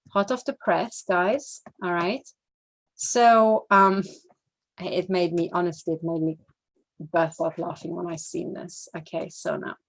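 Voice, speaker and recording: A woman giving rambling video commentary on the news, indignant and sarcastic, who swears freely and keeps asking "right?" to press her points. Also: on the low side. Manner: asks "right?" after points.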